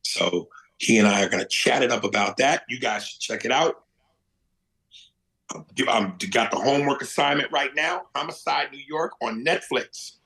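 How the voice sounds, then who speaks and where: A man's voice: medium pitch, normal speed, vocal fry, pushed and bright, poor audio. A man co-hosting a casual podcast, passing recommendations to listeners with wry asides. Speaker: podcast co-host.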